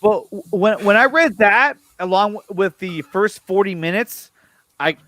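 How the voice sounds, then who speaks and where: A man hosting a casual chat about movie news. He is excited, repeats his words and often restarts his sentences. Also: high-pitched, a little slow. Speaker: show host.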